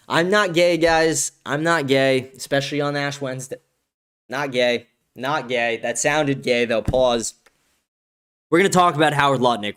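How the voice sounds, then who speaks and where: A man's voice: a little high, fairly bright tone. A man hosting a live-stream political commentary show, ranting angrily and swearing often. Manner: angry, profane ranting. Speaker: show host.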